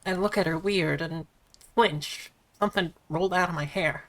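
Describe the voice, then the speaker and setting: A woman's voice: lowish voice, moderate pace, natural voice. A woman reading as a groggy young man. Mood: puzzled. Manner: plain, drowsy, mildly grumbling. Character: dim, groggy young man lost on the road. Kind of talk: voiced visual novel reading.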